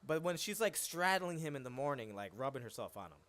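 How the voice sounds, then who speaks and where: A man's voice: mid-range voice, sing-song, fast talker, a bit bright. A man co-hosting a live stream, chatting casually and rambling with lots of swearing and filler words. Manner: rambling, profane, frequent "yo" and "like". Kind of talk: casual chat.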